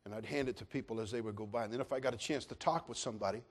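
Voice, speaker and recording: A middle-aged man pastor preaching a sermon, telling a personal story and swinging from calm to loud, emphatic preaching. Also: mid-range voice, racing.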